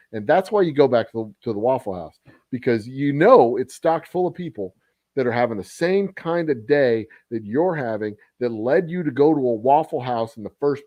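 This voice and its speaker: A man's voice: mid-range voice, no room sound, dull audio. A man hosting a casual livestream, telling a rambling, profane story with frequent chuckles. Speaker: distillery host.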